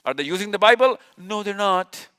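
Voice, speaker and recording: Clicking through his slides, a male lecturer speaks to a live event-hall audience in a high, expressive voice that's smooth yet pushed and bright, moving a little fast. He stresses points emphatically, repeats important words, and answers his own rhetorical questions.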